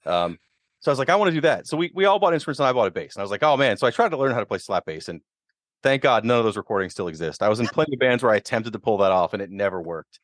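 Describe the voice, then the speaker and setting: A man's voice: fairly low pitch, racing, dry recording, clean studio sound. A man, telling stories as a guest on a casual podcast chat and acting out quotes as he goes. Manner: animated storyteller, acts out quotes. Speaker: guest musician.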